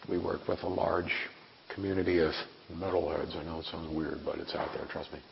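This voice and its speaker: A man's voice: a bass voice, steady tone, fairly quick, creaky. A man in his forties preaching a sermon in an earnest, conversational way with wry asides. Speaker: preacher and missionary. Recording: echoey hall, dull lo-fi sound, faint hiss.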